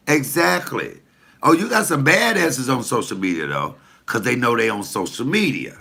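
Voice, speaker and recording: A man's voice: mid-range voice, gravelly, bright, forceful tone. A comedian talking casually to the camera, blunt, profane and preachy as he tells stories and gives advice.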